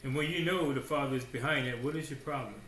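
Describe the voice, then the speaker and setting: A man preaching a sermon in a casual, slangy way, swinging between hushed asides and loud declarations with many rhetorical questions. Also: medium pitch, fast talker, a little hiss or hum. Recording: roomy echo.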